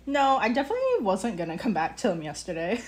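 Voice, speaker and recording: A woman's voice: medium pitch, huge pitch swings, quick pace. A young woman streaming live from her ceramics studio, chatting casually with many fillers and self-corrections while she works. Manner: distracted while working with clay. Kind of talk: casual working commentary.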